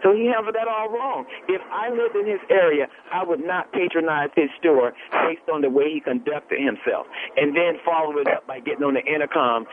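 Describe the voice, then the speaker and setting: Blunt low-voiced woman on the phone. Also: brisk, few pauses. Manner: blunt, emphatic, repeats herself. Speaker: caller. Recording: tinny phone line with faint hiss.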